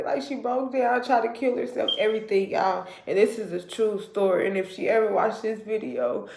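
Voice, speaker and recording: A woman's voice: medium pitch, steady tone, brisk, vocal fry, hardly any pauses, darkish tone, roomy sound. A woman vlogger telling a personal story to her viewers in an emotional, confiding way.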